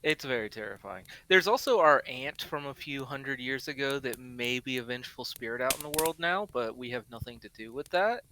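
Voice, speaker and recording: A man's voice: mid-range voice, expressive, fairly quick, few pauses, bright, forceful tone, a little hiss or hum. A man tabletop player speaking in character with dry, understated humor. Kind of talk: in-character role-play.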